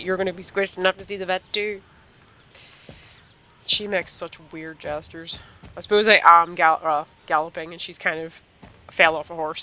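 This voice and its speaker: A woman's voice: lowish voice, sharp tone, slight background noise. A woman hosting a gaming channel, giving casual gameplay commentary and joking and exclaiming at the screen.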